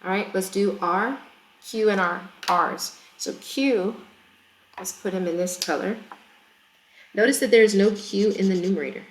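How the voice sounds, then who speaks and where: A woman's voice: mid-range voice, measured pace, slight background noise. A woman teacher working through a math problem in a recorded lesson, chatty and explaining step by step with frequent checks for understanding. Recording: echoey room.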